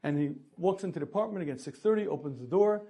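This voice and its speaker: A man giving a storytelling lecture on marriage, animated, acting out characters and often clearing his throat. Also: sits high, fast.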